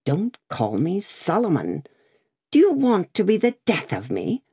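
A woman reading the part of a furtive, vexed man who speaks low and abrupt. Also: big pitch swings, slow pace, darkish tone, slightly rough, exaggerated voice. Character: furtive, vexed grown man, a hunted brother.

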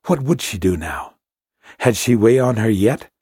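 A man narrating a classic sea story in a measured, hushed storytelling manner. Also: lowish voice, animated, breathy edge, no room sound, clean studio sound. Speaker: audiobook narrator.

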